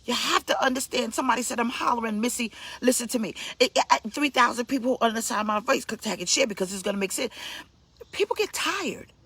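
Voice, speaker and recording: A woman's voice: quick pace, few pauses, a bit bright, breathy edge, no room sound. A woman pastor from Brooklyn, preaching bluntly and emphatically in a scolding tone. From Brooklyn, New York. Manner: blunt, emphatic, scolding, with sudden pitch leaps. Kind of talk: preaching sermon.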